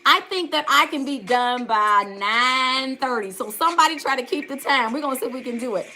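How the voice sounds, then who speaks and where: A woman's voice: high-pitched, fairly quick, bright, forceful tone, a little hiss or hum. A middle-aged woman hosting a casual live makeup tutorial, chatty, greeting viewers by name and calling out to "y'all". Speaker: makeup livestream host.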